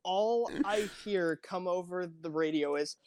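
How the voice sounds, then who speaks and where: A man co-hosting a casual music podcast, swearing freely and telling animated stories. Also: sits high, unhurried, smooth, no room sound. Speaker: podcast co-host. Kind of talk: casual chat.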